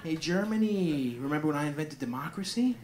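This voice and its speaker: A swaggering, boastful former big shot, as a man puts him on, pushing his voice up high and loud. He brags like he still rules the school. The room full of people is audible behind him. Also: animated, brisk, reverberant, crowd noise. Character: cocky washed-up man personifying Greece. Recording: live comedy club with audience.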